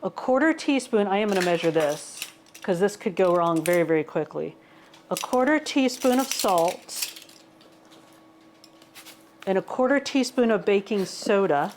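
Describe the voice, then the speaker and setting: A woman's voice: medium pitch, expressive, a little slow, pauses often, slight background noise. A woman, rambling casually through a home cooking and fitness vlog, calling her viewers "y'all". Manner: rambling, self-deprecating, says "y'all" a lot. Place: home kitchen.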